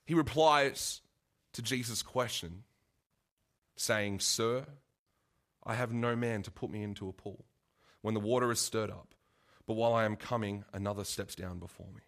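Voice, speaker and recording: A man's voice: lowish voice, moderate pace, pauses often, a bit bright. Conversational man preaching a casual sermon. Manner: conversational, with restarts and asides.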